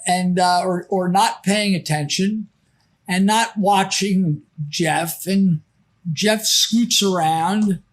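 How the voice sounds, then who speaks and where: An older man spins a long, rambling story with plenty of stops and restarts. His voice sits high for a man, and he unhurriedly takes his time. It is casual podcast talk. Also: fairly even intonation, slow. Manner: rambling, many false starts. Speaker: podcast guest. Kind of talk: casual anecdote.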